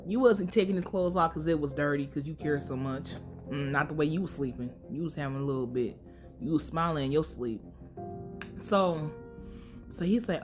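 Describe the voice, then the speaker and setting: A woman's voice: sits low, brisk, music in the background. A young woman hosting a casual, profane recap of a TV series. She swears freely, uses a lot of slang and laughs often. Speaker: podcast host recapping a TV series.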